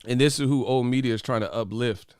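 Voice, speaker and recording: A brash man riffing straight to his viewers, profane and mocking as he trash-talks a fighter. His voice sits at an ordinary pitch for a man, recorded close and dry with no room around it. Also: brisk, darkish tone, clean tone, no echo. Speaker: host of a boxing commentary channel. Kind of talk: casual commentary to camera.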